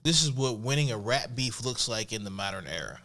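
A man's voice: medium pitch, animated, brisk, bright, forceful tone. A man hosting a casual podcast, reading out a silly story and tweets, laughing often and repeating "you know what I'm saying". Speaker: podcast host.

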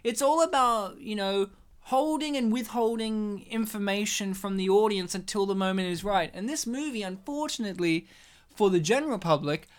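A woman's voice: medium pitch, moderate pace. A woman co-hosting a casual movie commentary chat, playful and joking, laughing often. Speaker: podcast co-host.

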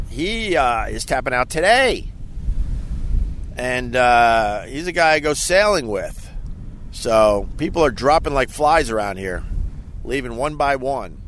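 A middle-aged man from Long Island, a radio host, rambling casually in a self-mocking way outdoors on a quiet beach, breaking now and then into loud mock rants. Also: mid-range voice, slight background noise. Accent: faint Long Island. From Long Island, New York. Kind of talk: casual outdoor vlog monologue.

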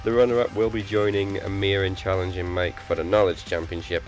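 Casting: low-voiced male host, flat robotic promo read, faint music under it. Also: fairly quick. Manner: reads announcements in a flat, robotic way. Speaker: podcast host. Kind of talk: casual podcast chat and show promos.

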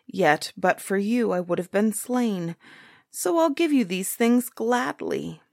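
A woman voicing a boastful, cowardly three-headed male giant in a storybook reading, booming and blustering. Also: expressive, slow pace, gravelly, dry recording, studio quality. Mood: grateful.

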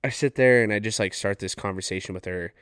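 Rambling, laid-back young man, low voice. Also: quick pace, a bit bright, clear, resonant tone, no echo, studio quality. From Farmington, New Mexico, USA. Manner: rambling, swears freely, lots of fillers, laughs at his own stories. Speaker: podcast host. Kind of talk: casual storytelling. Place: couch at home.

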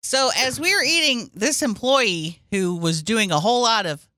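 A woman's voice: a little high, moderate pace, sharp tone, no echo, clean studio sound. A woman co-hosting a podcast in casual chat, playful and joking, laughing a lot. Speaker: podcast co-host.

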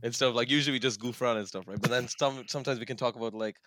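A man's voice: medium pitch, rapid-fire, a bit bright, no echo. A man in his twenties, born in Sri Lanka, a podcast guest who jokes about himself and laughs often, speaking into a headset mic. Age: 20s. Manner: joking, laughs often, self-mocking. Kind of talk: casual chat.

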